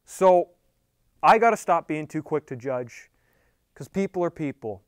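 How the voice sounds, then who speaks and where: A man's voice: a little high, expressive, a little slow, no echo. A young man with a wry, rambling way of talking, doing a comic monologue to camera. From Thunder Bay, Canada. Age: young adult. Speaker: segment presenter.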